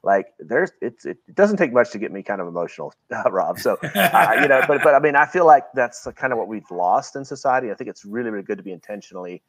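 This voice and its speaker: A man's voice: mid-range voice, very animated, fast, few pauses, dry recording. A middle-aged man from Virginia, a guest talking earnestly and reflectively in a casual interview, often restarting his phrases. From Virginia, USA.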